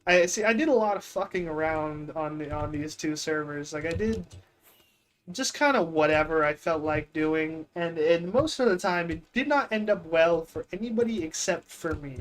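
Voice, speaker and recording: Guy with a pretty high voice rambling through a stream story, lots of likes and restarts, deadpan bragging. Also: normal speed, poor audio. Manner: rambling, self-mocking, with lots of fillers and restarts; deadpan mock boasting.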